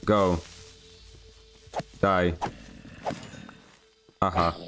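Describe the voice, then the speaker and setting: A man's voice: lowish voice, moderate pace, over music. A man from Poland with a Polish accent, streaming a game and chatting with viewers in a rambling, self-deprecating way. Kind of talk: casual gameplay stream commentary.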